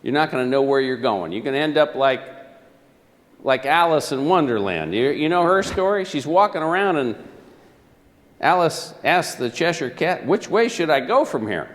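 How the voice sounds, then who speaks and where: A man's voice: fairly high pitch, moderate pace. A man giving a live motivational presentation, telling stories and firing questions at his audience. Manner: animated, questions the audience, storytelling. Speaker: motivational speaker. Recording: echoey hall.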